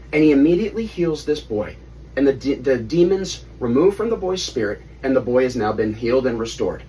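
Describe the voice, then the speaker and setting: A man in his thirties retelling a story to his children at home, animated and stopping to quiz them. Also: mid-range voice, brisk, a little hiss or hum. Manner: animated, asks kids questions. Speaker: father leading family Bible study. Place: family home. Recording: distant mic, faint room ambience.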